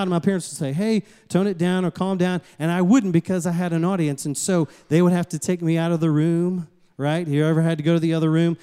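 A man from the States, preaching a sermon as a pastor and calling out to the congregation in a lively storytelling way. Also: fairly high pitch, clear, resonant tone. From Southern United States. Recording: long hall reverb.

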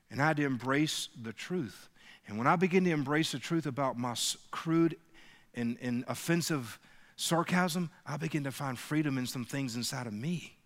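A male pastor with a high, bright voice preaches in a church sanctuary. His voice carries a long reverb from the hall, and he builds to emphatic peaks and calls for the congregation to answer back. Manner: call-and-response preaching, rising to emphatic peaks. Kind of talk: sermon.

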